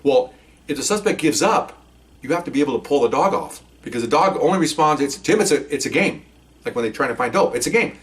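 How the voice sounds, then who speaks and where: An older man, a retired police officer, telling a story in a casual, animated way, laughing and acting out voices. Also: mid-range voice, distant mic.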